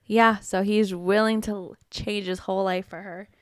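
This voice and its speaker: A woman's voice: mid-range voice, level tone, normal speed, no echo, clean studio sound. A woman co-hosting a book podcast, mostly listening and adding short laid-back comments. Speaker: podcast co-host. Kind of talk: casual book chat.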